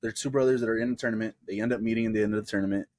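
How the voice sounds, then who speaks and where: A young man co-hosts a casual podcast. His voice sits low and sounds close and dry, with no room around it. He retells scenes with energy and slips into the voices of the people in them. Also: racing, dry recording. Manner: animated storyteller, acting out quotes. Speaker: podcast co-host. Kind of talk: casual chat.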